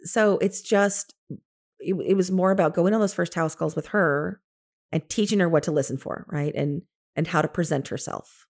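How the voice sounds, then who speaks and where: A woman in her fifties, an interior designer and coach, telling stories from her career in an animated way, laughing often and acting out what she said to others. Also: fairly low pitch, moderate pace. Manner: animated, laughs often, quotes herself in lively asides. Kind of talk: casual storytelling.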